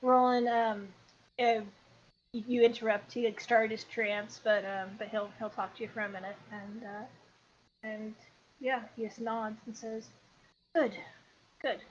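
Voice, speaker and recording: A woman playing a tabletop game, talking in a hesitant, halting way. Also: a little high, little pitch movement. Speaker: player. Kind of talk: casual tabletop game chat. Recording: dull lo-fi mic with faint background noise.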